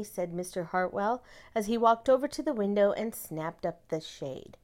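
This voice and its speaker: A woman narrating a children's picture book aloud in an expressive storytelling voice. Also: medium pitch, normal speed, hardly any pauses.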